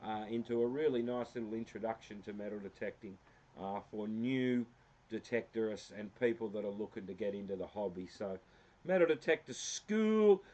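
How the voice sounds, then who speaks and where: A man's voice: fairly low pitch, steady tone, brisk, dark tone. An Australian man hosting a casual livestream, talking through a website with lots of fillers and self-deprecating asides. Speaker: livestream host. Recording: slightly dull lo-fi sound.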